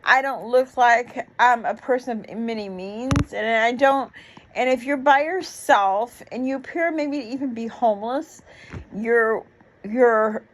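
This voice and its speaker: A woman's voice: a little high, a little hiss or hum, low-quality recording. A woman in her sixties giving an emotional, rambling reaction commentary, with many fillers and restarts. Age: 60s. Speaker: YouTube commentator.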